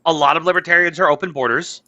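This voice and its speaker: Bright-voiced excitable man ranting. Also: fast, muffled recording. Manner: blunt, excitable, rising pitch when worked up; reads news items aloud with stumbles. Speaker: podcast co-host. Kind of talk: casual political chat.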